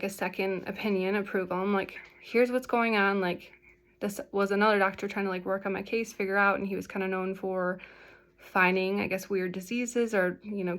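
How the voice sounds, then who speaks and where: A woman's voice: medium pitch, fairly bright tone. A young woman talking casually to the camera in a vlog, rambling and filling her speech with "like". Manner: chatty, rambling, full of "like" fillers. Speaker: vlogger sharing her health story.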